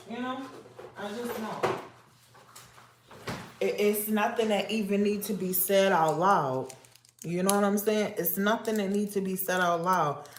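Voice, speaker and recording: Woman livestream host, slow drawn-out talk, low voice, nosy and confiding, echoey room, faint background noise. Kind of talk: casual livestream chat with viewers.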